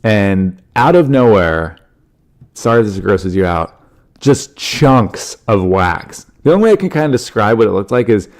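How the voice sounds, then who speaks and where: A man with a cold, sniffling as he tells rambling, animated stories on his solo podcast. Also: fairly low pitch, moderate pace. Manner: animated, rambling, frequent fillers. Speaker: podcast host, comedian. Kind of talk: casual solo podcast storytelling.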